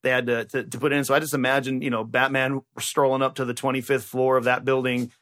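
A man's voice: medium pitch, fast. A man co-hosting a comedy podcast, rambling and swearing in casual chat. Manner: profane, rambling, animated. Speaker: podcast co-host.

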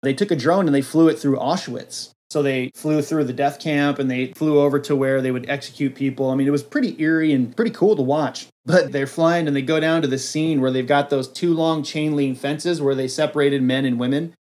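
A man chatting on a podcast in a fairly high voice for a man. He tells stories in an animated way, laughs often, and slips into silly voices. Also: fairly quick, hardly any pauses. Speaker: podcast co-host. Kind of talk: casual chat.

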